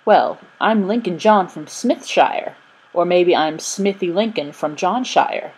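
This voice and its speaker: A cheeky boy teases and jokes in a storybook reading, with a woman reading him. The voice is husky and fairly low. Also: animated, takes it slowly, full character voice, rough recording. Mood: playful. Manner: teasing, playful. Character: quick, cheeky London boy.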